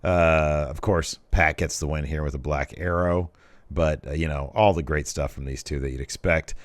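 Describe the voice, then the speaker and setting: A young man co-hosting a wrestling podcast in casual chat, animated and laughing often as he acts out moments from the show. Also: extremely low pitch, moderate pace, dry recording. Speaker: podcast co-host.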